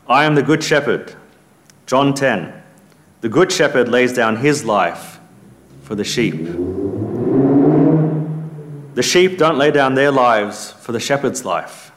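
A man's voice: mid-range voice, animated, unhurried, long pauses, a bit bright. A man preaching a sermon in an earnest, emphatic way, lifting his voice when he quotes scripture.

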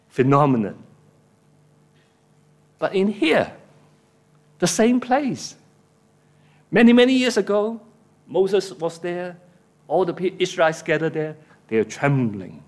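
A man preaching a sermon, acting out biblical dialogue with rising, emotional delivery and slightly non-native English phrasing. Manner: acts out biblical speeches with rising emotional pitch.

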